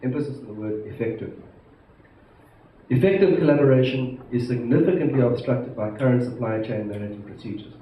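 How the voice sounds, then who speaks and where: A man from South Africa, an institute president giving a formal conference address, measured and emphatic, stressing key words. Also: mid-range voice, animated. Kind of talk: formal prepared speech to a conference. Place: large conference hall. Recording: echoey hall, distant mic, muffled, faint hiss.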